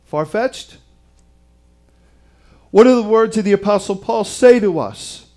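Slow, high-voiced man preaching a dramatic sermon. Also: lively intonation. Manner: dramatic, emphatic delivery with wide swings in loudness.

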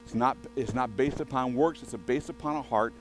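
A man's voice: mid-range voice, a little fast, soft background music, low-quality recording. A male pastor preaching a sermon in a conversational way, often restarting his sentences and turning to the congregation with asides.

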